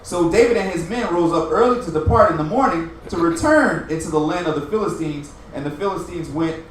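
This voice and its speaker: A man with a high voice reads scripture aloud, verse by verse, in a measured and formal way. He now and then stumbles over a word. He sits away from the mic in a very echoey room. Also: far from the mic, a little hiss or hum. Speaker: scripture reader.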